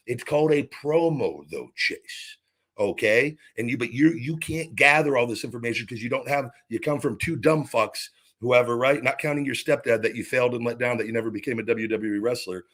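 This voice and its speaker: A man's voice: medium pitch, a bit bright. Angry, profane male podcast host. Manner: angry, profane, repetitive restarts. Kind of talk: ranting monologue.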